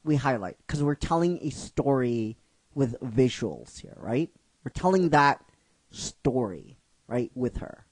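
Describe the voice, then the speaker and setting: A man's voice: mid-range voice, sing-song, takes it slowly, no room sound. A man telling and explaining the story of his own fan script in a casual, rhetorical way, repeating himself. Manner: rhetorical, keeps asking "right?", repeats himself.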